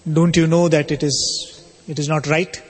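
A man's voice: a little high, little pitch movement, moderate pace, in a large hall, soft background music, natural voice. A man speaking as a proud, hot-tempered monk in a spiritual story, scolding and indignant.

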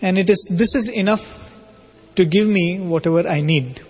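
A man telling of a calm, virtuous housewife. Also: high-pitched, normal speed, slightly rough, long reverb tail. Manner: calm, gently instructive.

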